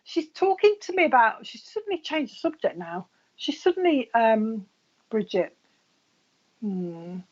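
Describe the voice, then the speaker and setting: Chatty lady doing a live psychic reading, a bit high voice, muffled audio. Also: big pitch swings, a little slow, darkish tone. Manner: chatty, relays messages with frequent laughs. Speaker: psychic medium.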